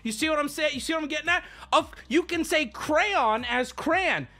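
A man's voice: very high voice, fast, bright, forceful tone, soft background music. A man streaming live, ranting at his chat in a sarcastic, exasperated and profane way.

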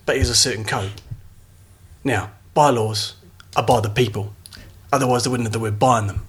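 A man's voice: mid-range voice, steady tone, a little fast, husky. A man voicing a cocky, laid-back action star who calls everyone mate, in a tabletop game. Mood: swaggering.

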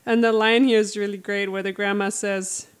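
A woman co-hosting a casual book chat, telling the plot with lively acted-out quotes. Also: medium pitch, moderate pace, clean tone. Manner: animated storytelling, acts out lines in quotes. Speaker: podcast co-host recapping a book.

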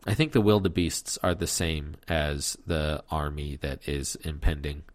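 Here the same kind of podcast host, a man with a bass voice, speaks a little slowly with fairly even intonation. His casual chat is a loose, joking run-through of a film's plot, complete with silly voices.

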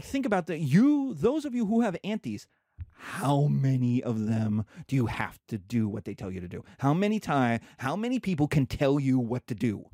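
A man's voice: on the high side, darkish tone, dry recording, studio quality. A man lecturing as a professor, asking and answering his own questions and acting out little scenes. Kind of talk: lecture to students.

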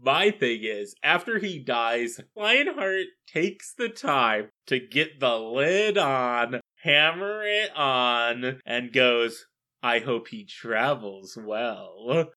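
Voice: medium pitch, sing-song, slow pace, hardly any pauses, sharp tone. A podcast co-host recapping a film in casual chat, with dry, wry jokes.

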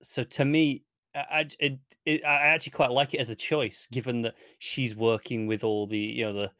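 A man's voice: medium pitch, steady tone, normal speed, fairly bright tone, dry recording, clean studio sound. A man from the English Midlands co-hosting a casual TV review podcast, easygoing and hesitant, often restarting his sentences. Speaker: podcast co-host.

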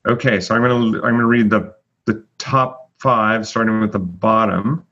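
A man's voice: on the low side, moderate pace, a bit bright. A man hosting a casual chat, chatty and full of fillers as he announces rankings. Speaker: host. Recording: dull lo-fi audio.

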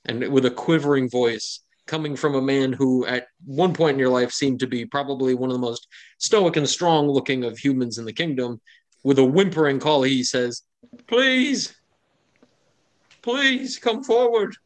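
Running a tabletop game, a game master narrates the scene in a mid-pitched, slightly mellow voice at normal speed. He keeps things chatty with plenty of fillers and frequent laughter.

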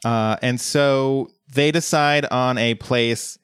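A man's voice: medium pitch, fairly even intonation, takes it slowly, fairly bright tone, clean tone, no room sound, studio quality. A man from Colorado co-hosting a casual show recap, full of fillers and restarts, self-deprecating. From Colorado, USA. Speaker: podcast co-host. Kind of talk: casual episode recap chat.

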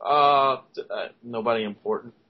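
A man with an ordinary mid-range voice talks haltingly in a casual podcast chat, stumbling through fillers. The recording has a muffled, lo-fi sound. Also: mid-range voice, a crowd in the background. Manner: halting, hesitant, many fillers. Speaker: podcast co-host.

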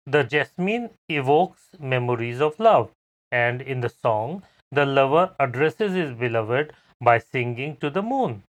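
A man calmly recounting a personal travel memory on an educational podcast. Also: medium pitch, unhurried. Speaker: podcast guest storyteller.

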